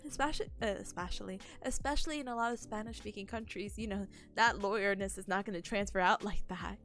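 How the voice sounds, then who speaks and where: A woman's voice: medium pitch, fast talker, hardly any pauses. A young woman streaming a casual study session, bubbly and chatty, laughing often as she talks. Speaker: student streamer. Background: soft lofi music.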